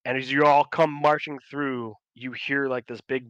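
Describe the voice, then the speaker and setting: Rambling male game master, bright voice. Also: mid-range voice, fairly even intonation, normal speed, clear, resonant tone, dry recording. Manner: rambling narration full of fillers. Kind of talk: narrating a tabletop game.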